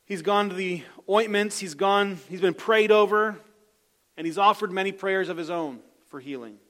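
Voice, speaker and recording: High-voiced preacher, loud then hushed. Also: male voice, normal speed. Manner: swings from loud emphatic calls to soft low asides. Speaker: pastor. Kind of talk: sermon.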